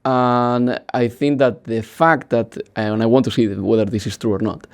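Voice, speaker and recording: A man's voice: mid-range voice, steady tone, moderate pace. Man from Spain, hesitant football pundit. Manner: hesitant, thoughtful, with restarts. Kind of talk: casual chat.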